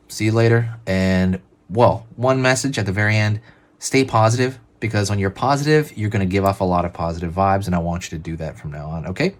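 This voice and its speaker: A man's voice: on the low side, a little fast. Laid-back man narrating his drawing strokes. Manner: relaxed, chatty, narrates each pen stroke. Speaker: drawing tutorial host. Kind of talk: casual step-by-step drawing instruction.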